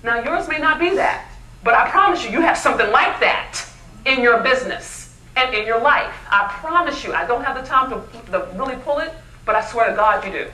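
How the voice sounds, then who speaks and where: Bright, high-voiced woman speaker in a hall. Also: a little hiss or hum. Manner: animated, keeps asking the audience questions. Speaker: keynote speaker. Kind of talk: motivational speech. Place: luncheon event hall. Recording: echoey hall, mic from far off.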